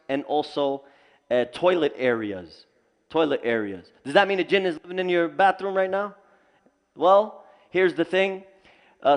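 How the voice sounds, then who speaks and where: A man teaching at a community center, telling stories with humor and lively asides. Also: a little high. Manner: animated storytelling with humor. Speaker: Islamic teacher. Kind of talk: community lecture. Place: mosque community hall.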